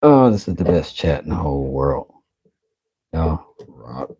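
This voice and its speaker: A man's voice: very deep voice, big pitch swings, measured pace, mellow, slightly rough. A man chatting casually with his live-stream audience while carving wood, joking and bantering playfully. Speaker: woodworking streamer.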